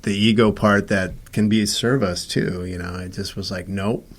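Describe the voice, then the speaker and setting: Lowish-voiced man telling his story. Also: fairly even intonation, moderate pace. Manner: acts out quoted dialogue, many restarts. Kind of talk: casual storytelling interview.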